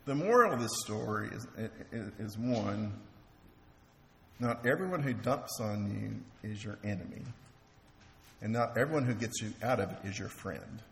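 A man's voice: fairly low pitch, expressive, normal speed, fairly bright tone, a little hiss or hum. A man preaching a sermon in an earnest way, often repeating words as he restarts. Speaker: preacher and teacher. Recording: echoey hall with faint ambience.

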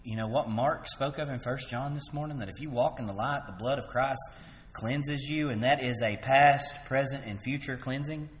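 A man preaching an evening sermon, rising loud for emphasis and dropping soft to voice quoted words. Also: mid-range voice, normal speed, long reverb tail.

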